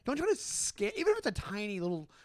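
Lively high-voiced Long Island man. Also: fast, no room sound, studio quality. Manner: animated, acts out mocking voices. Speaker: podcast co-host. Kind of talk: casual chat.

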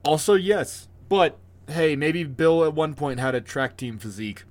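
A man co-hosting a podcast in casual chat, ranting with animated, profane energy. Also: a little high, a little slow. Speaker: podcast co-host.

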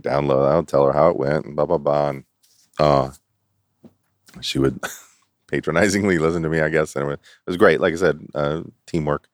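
Very deep-voiced middle-aged man. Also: no echo, clean studio sound. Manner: animated storyteller who acts out quotes and laughs often. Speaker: interview guest. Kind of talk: casual storytelling interview.

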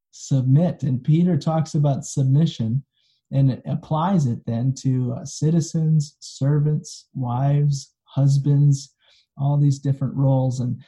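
A pastor delivers his sermon with a gravelly edge and a very dark, mellow tone. His manner is casual and folksy, full of everyday asides, and his voice is recorded for an online service video. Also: fairly high pitch. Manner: conversational, folksy storytelling.

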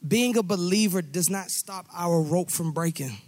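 A man's voice: high-pitched, normal speed, darkish tone, no echo. A man preaching a sermon with passion, repeating phrases and rising into a singsong cadence. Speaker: pastor.

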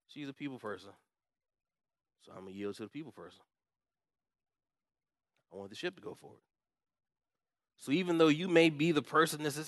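A pastor preaching a lively sermon, jumping from loud pumped-up exhortation to quiet asides and acted-out voices. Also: male voice, mid-range voice, fairly quick, long pauses, no echo, clean studio sound. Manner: animated, swings from loud pumped-up shouting to quiet asides, acts out quoted voices.

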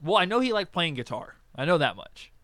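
A man's voice: fairly high pitch, very animated, fairly quick, a bit bright, no echo. A man chatting casually as a podcast co-host, acting out quotes and swearing as he tells stories. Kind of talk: casual chat.

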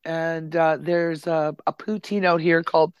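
Swearing, excitable man with a fairly high voice. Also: unhurried, clear, resonant tone, no echo, dull audio. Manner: enthusiastic, swears freely. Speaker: podcast host. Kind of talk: casual chat. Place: Nova Scotia home recording.

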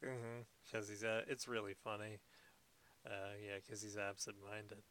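A man's voice: on the low side, level tone, measured pace, fairly bright tone, slight background noise. A man casually recapping a movie with a friend, laughing often and jumping in with mock outbursts. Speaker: podcast co-host.

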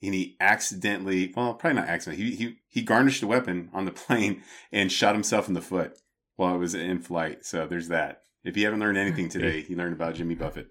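A man with a deep, low voice trades casual banter on a podcast. He keeps it loose and jokey, wandering into pop-culture tangents. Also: fast, a bit bright. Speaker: podcast co-host.

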